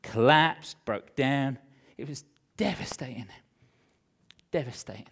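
A middle-aged male pastor preaching a sermon, telling a personal story with animated emotion, swinging between loud and hushed. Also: medium pitch, takes it slowly, gravelly, slightly rough.

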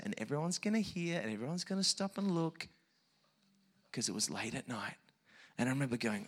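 Male preacher, bright-toned storyteller, very animated, drops to near hush then surges loud. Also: on the high side, moderate pace. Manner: animated, swings from hushed asides to shouted peaks. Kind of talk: sermon storytelling.

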